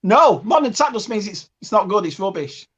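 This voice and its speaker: A man's voice: sits high, very animated, normal speed, dull audio, crowd noise. A man with a northern English accent, a guest host on a podcast, chatting eagerly and showing off collectibles. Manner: chatty, enthusiastic, shows items to camera. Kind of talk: casual podcast chat.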